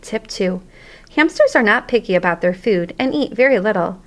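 Woman storybook narrator, lively, expressive, mid pitch. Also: normal speed. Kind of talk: storybook reading aloud.

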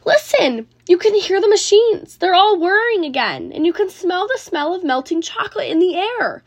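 Woman putting on a buzzing crowd of townsfolk, high, loud, shouting, storybook. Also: normal speed. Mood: excited. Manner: shouting, excited.

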